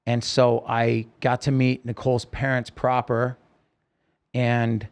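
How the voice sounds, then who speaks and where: A singer-songwriter guest on a podcast, telling a personal story earnestly and emotionally in halting sentences full of restarts. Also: male voice, mid-range voice, completely flat delivery, clear, resonant tone.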